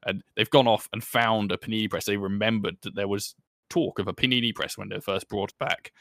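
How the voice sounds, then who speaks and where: A man runs a tabletop game, narrating in a relaxed, chatty way. His voice is low and gravelly with a bright edge. The sound is dry and close to the mic. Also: fairly quick, no echo. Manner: relaxed, chatty, laughs often. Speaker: game master.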